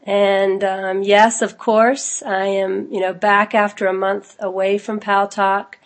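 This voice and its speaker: A woman with a cold and a low, husky voice, hosting an online spiritual gathering in a casual, chatty way with many fillers. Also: flat delivery, slow pace. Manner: chatty, informal, with frequent fillers and small laughs. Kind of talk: casual address to an online group.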